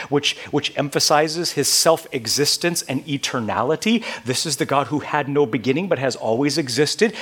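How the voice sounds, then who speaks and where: Preaching man swinging loud to whispered. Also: a little high. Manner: dramatic swings from loud to near-whisper, repeating questions to the listeners. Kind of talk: sermon.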